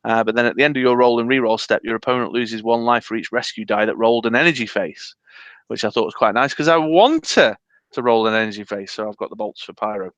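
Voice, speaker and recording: Man, casual co-host chat, rambling, bright forceful tone, dry close sound. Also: medium pitch, fast, no room sound, dull audio. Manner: chatty, rambling, hesitant with fillers. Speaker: podcast co-host. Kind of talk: casual live-stream chat about a dice game.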